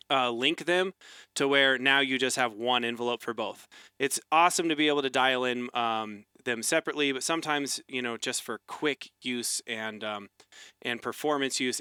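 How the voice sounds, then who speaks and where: A man's voice: mid-range voice, smooth, dry recording. Laid-back man demoing a synth. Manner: relaxed, loose with many fillers and restarts. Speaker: synth reviewer. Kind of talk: casual gear demo walkthrough. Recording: loud synth music underneath.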